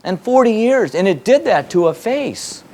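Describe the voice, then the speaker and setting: A man's voice: sits high, big pitch swings, normal speed, dark tone. A man giving a spoken teaching to a live audience, emphatic and repetitive, firing off rhetorical questions. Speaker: spiritual teacher. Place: hall in front of an audience.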